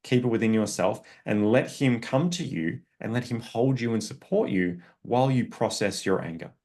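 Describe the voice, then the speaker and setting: A man's voice: mid-range voice, normal speed, a little mellow. A man speaking as a parenting coach on a podcast, earnest and instructive, often checking in with "okay?". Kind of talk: podcast interview.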